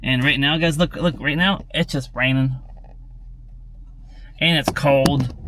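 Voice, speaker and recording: A man vlogging to his viewers in a loose, rambling way. He keeps circling back with filler like "and everything," speaks at a middling pitch and repeats little phrases as he goes. The talk sounds off the cuff and chatty. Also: steady tone, takes it slowly, a bit bright. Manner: rambling, tacks on "and everything" and "tell you what" constantly; talks straight to viewers, repeats words. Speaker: daily vlogger. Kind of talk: casual rambling vlog chat.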